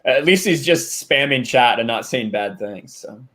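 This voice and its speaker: A man's voice: mid-range voice, lively intonation, measured pace, a crowd in the background. A man guest on a casual livestream, chatty and joking, rambling through his stories.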